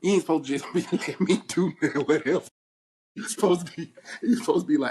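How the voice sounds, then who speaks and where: A man's voice: fairly high pitch, fast talker. A young man, host of a podcast, telling a childhood story in casual chat and acting out the voices of the people in it. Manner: animated storyteller, acts out quoted voices, laughs at himself.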